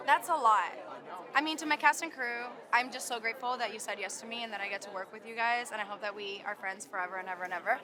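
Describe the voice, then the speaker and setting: A woman's voice: a little high, quick pace. A woman from Canada, an actress gushing about her film in a red carpet interview outdoors. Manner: bubbly, gushing, lots of "like". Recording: loud crowd noise outdoors. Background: crowd chatter.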